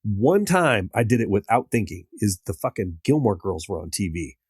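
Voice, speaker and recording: A man's voice: on the low side, sing-song, normal speed, a little mellow, husky, dry recording, studio quality. A man co-hosting a podcast in casual chat, swearing and ranting with mock indignation. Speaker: podcast co-host.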